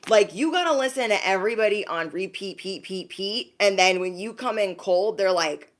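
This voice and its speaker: Woman reading signs on a live stream, chatty and slangy, calls viewers bestie, mid pitch. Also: normal speed, hardly any pauses. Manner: often acts out quoted voices. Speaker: intuitive card reader.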